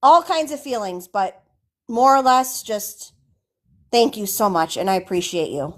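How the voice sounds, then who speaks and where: A woman calling in to a live stream to thank the host, speaking softly and hesitantly. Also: mid-range voice, lively intonation. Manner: soft, grateful, slow and hesitant. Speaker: caller. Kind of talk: casual thank-you call.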